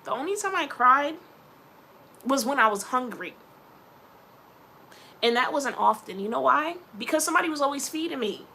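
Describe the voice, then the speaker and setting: A woman vlogger chatting casually to camera, animated and playful, with slangy asides. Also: high-pitched, moderate pace, gravelly, long pauses, a little hiss or hum.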